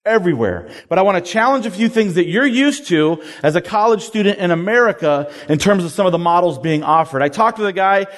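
Middle-aged male campus ministry speaker, high voice, energetic and joking, hall reverb. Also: brisk, hardly any pauses. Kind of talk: sermon to college students.

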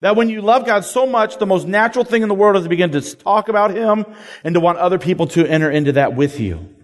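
Middle-aged male campus ministry speaker, high voice, energetic and joking, hall reverb. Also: fast. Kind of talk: sermon to college students.

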